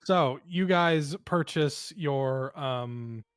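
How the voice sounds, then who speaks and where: A man narrating as game master for a tabletop game, easygoing and rambling, full of ums and likes. His voice sits at a medium pitch and is recorded dry and close. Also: drawn-out words, clean tone, no echo. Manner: relaxed, rambling with many fillers.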